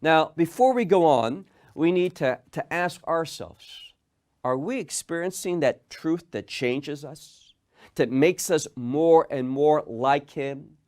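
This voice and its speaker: A man leads a Bible study at an unhurried, deliberate pace, his voice sitting a little higher than most men's. He speaks earnestly, repeats words as he works toward a point, and stops to put searching questions to his listeners. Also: lively intonation, darkish tone. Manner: asks the listeners reflective questions. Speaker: Bible teacher. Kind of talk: verse-by-verse Bible study teaching.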